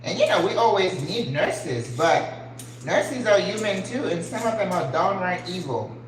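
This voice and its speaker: An older woman hosts her channel from her home kitchen, her voice on the low side, animated and a little slow. She chats earnestly and emotionally while cooking, posing rhetorical questions, and the recording carries kitchen echo and faint ambient noise.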